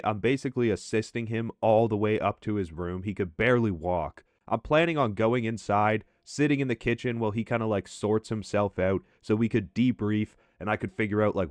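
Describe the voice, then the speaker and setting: A young man casually telling a chaotic story over gameplay, animated and swearing freely as he acts out his own reactions. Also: fairly low pitch, moderate pace, few pauses, no room sound. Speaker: storytelling commentary host.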